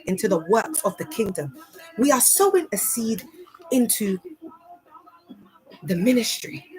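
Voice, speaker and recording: A woman's voice: mid-range voice, natural voice, rough recording. A woman mimicking a persuasive fundraising preacher. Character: smooth-talking church leader soliciting money.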